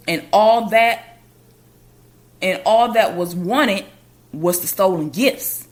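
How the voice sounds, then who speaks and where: A woman's voice: mid-range voice, takes it slowly. A woman hosting a podcast, telling a personal story in a casual, conversational way. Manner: casual and conversational, with loose colloquial grammar.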